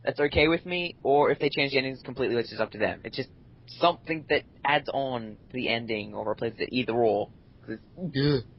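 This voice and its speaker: A man's voice: medium pitch, muffled recording. A man co-hosting a casual gaming podcast, rambling and complaining animatedly. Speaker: podcast co-host.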